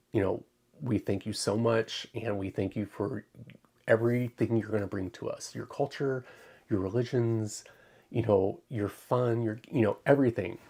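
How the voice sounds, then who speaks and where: A man with a low, gravelly voice and a husky edge talks casually on his livestream. He is emotional and close to tears, stopping often with ums as he searches for words. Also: dark tone. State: tearful. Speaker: crafting channel host.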